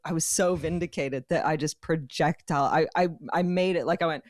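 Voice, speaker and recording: In clean studio sound with no room echo, a lowish-voiced woman co-hosting a podcast tells stories a little fast. She's an animated storyteller who laughs often and acts out quotes during casual chat.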